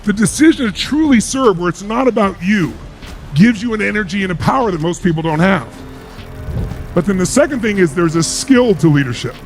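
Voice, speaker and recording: A man's voice: sits high, expressive, a little fast, faint music behind. A middle-aged man giving a motivational speech to a live audience, emphatic and full of rhetorical questions. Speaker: motivational speaker.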